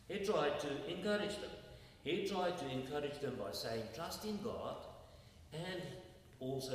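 Preaching emphatically, a man fires rhetorical questions at his congregation in an everyday-pitched voice. He's well off the mic, wrapped in a long, booming hall reverb with faint room hiss.

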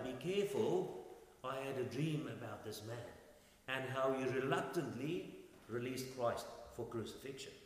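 Man preaching in an echoing hall. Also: a little high. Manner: dramatic swings in loudness, rhetorical questions. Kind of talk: sermon. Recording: echoey hall with long reverb.

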